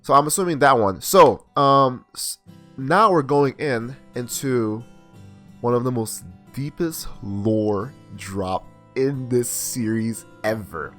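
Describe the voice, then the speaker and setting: A man's voice: medium pitch, very animated, unhurried, fairly bright tone, faint music behind. A young man recapping and reviewing an anime episode in a casual, rambling way, full of slang and restarts.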